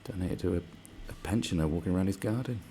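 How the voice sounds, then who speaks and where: A young man rants to camera in a loose, rambling way, swearing freely and dripping with sarcasm. His voice sits very low and rough with a gravelly fry. A faint hiss runs under the recording. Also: quick pace, warm tone. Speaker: vlogger. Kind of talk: casual rant to camera.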